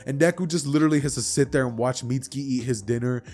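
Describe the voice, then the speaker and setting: A man's voice: mid-range voice, fast talker. Slangy, chatty young man storyteller. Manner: slangy, chatty, animated retelling. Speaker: anime fan storyteller. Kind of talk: casual storytelling.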